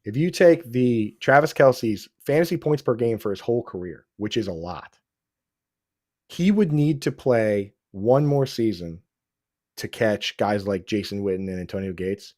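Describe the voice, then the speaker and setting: An excitable man talks through a casual fantasy football chat with a warm, mellow voice. He restarts his sentences a lot and throws in dude and bro. The sound is dry and close. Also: lowish voice, measured pace, no echo. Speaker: podcast host.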